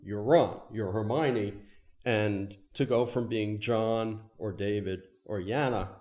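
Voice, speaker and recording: A man's voice: fairly low pitch, steady tone, slow, a little mellow. A man interviewing stage actors, asking questions in a curious, conversational way.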